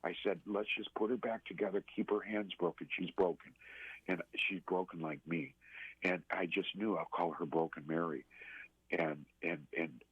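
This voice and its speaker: A man telling a personal story as a radio interview guest, earnest and halting, with many restarts. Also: deep voice, steady tone, breathy edge, dry recording. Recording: tinny phone line.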